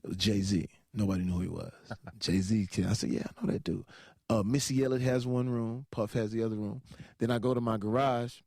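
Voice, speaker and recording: A man telling an animated anecdote, laughing often and acting out other people's voices as he goes. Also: on the low side, a little fast, creaky, no room sound. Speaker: entertainer telling a story. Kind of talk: animated anecdote with acted-out quotes.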